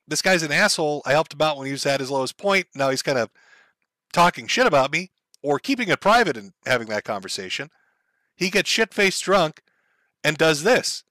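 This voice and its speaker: Bright-voiced man explaining casually. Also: a little high, dry recording. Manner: conversational, explanatory, frequent fillers. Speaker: commentator. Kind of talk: casual commentary.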